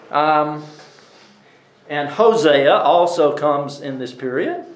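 A man with a Southern US accent giving an informal Bible lesson, chatty, with many fillers and some throat clearing. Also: on the high side, reverberant, low-quality recording. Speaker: Bible teacher.

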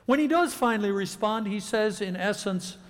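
Expressive male preacher in reverberant church. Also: sits high. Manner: expressive preaching with dramatic pauses. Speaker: pastor. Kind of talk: sermon. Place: church sanctuary.

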